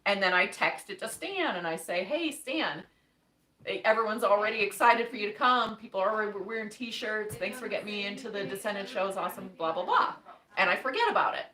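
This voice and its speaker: A woman's voice: mid-range voice, fast talker, hardly any pauses, bright, forceful tone, roomy sound, recorded from a distance. A woman guest on a casual livestream, telling a story in a chatty way with laughter.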